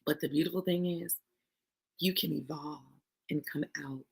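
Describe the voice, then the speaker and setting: Emphatic, gravelly motivational woman. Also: low voice, steady tone, normal speed. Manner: emphatic, preachy, calls the audience y'all and honey. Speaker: motivational speaker. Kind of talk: motivational talk to camera.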